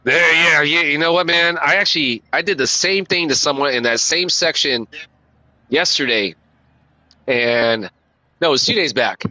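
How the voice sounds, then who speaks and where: A man's voice: fairly high pitch, normal speed, sharp tone, poor audio. A man streaming a racing game, talking in a laid-back, slangy and profane way and calling everyone dude and man. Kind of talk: casual live-stream chat.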